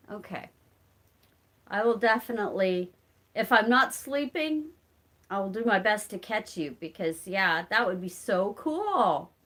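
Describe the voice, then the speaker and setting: Her voice is mid-range with a sharp edge. She's a channel host from rural Southern Illinois, accent and all, running a casual live-stream chat where she reads comments, calls viewers by name and laughs a lot.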